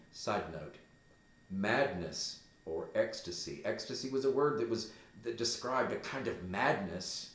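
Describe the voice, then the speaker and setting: Slow-talking man explaining a play. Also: on the low side, expressive, a bit bright. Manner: conversational, explaining. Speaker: teacher. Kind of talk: reading a play aloud with commentary. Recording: roomy echo.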